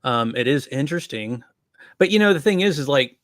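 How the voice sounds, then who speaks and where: A man's voice: mid-range voice, lively intonation, a little fast, a bit bright, dry recording, clean studio sound. A man co-hosting a podcast, chatting casually in a rambling way with many fillers. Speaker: podcast co-host.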